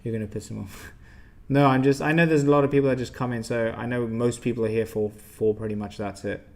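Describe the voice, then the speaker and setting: Young guy running a trading livestream, blunt and pushy, keeps firing questions at chat, mid-pitch voice. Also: fairly even intonation, quick pace, a little mellow. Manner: blunt, emphatic, quizzes and scolds viewers. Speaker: stock trading livestream host. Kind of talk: live trading stream, teaching chat viewers.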